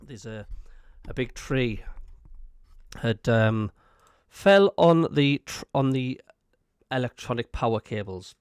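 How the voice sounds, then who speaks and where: A man's voice: mid-range voice, expressive, slow, long pauses, clear, resonant tone, dry recording, clean studio sound. A man with a Sunderland accent hosting a casual live-stream chat, rambling and reading viewer messages aloud. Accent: Sunderland (Mackem). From North East England. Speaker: host.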